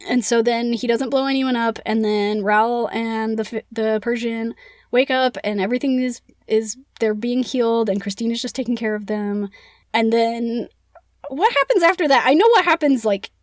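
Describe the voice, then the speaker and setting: A woman's voice: on the high side, normal speed, no echo. A young woman co-hosting a podcast, casually recapping a book in a chatty way, filling with "like". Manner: chatty, heavy use of "like". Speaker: podcast co-host.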